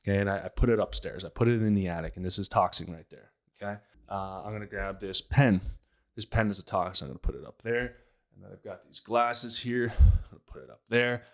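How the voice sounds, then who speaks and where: Fairly low-voiced guy from pittsburgh, health podcast host, punchy and emphatic, lots of questions. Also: brisk, vocal fry. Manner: emphatic, rhetorical questions, animated asides. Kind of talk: casual health podcast monologue.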